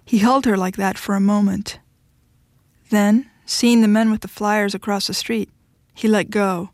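A woman reading a short story aloud in a steady, even storytelling manner. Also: medium pitch, measured pace, dry recording, clean studio sound. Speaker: narrator.

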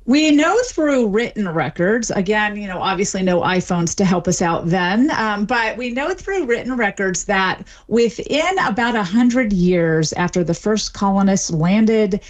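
A woman answering interview questions as an expert, explaining clearly and with examples. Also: medium pitch, unhurried, few pauses. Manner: articulate, lively, explains with examples. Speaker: dialect expert guest.

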